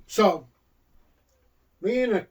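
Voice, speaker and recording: An older man co-hosts a casual chat and spins long, rambling stories. His voice is husky and sits fairly high. It is captured from a distance. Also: takes it slowly. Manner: rambling storyteller. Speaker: co-host.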